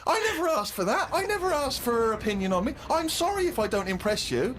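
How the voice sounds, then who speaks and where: A man's voice: extremely high pitch, very animated, fast, hardly any pauses, noisy background. A man telling a self-mocking comic story, acting out other people's lines and laughing at himself. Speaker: co-host of a comedy podcast.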